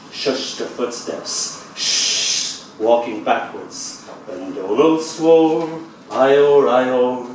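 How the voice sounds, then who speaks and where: A man, a poet and event host, giving a lilting live poetry reading in a bar, with soft, hushed passages. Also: a little high, far from the mic, a little hiss or hum. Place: bar venue. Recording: echoey room recorded from afar.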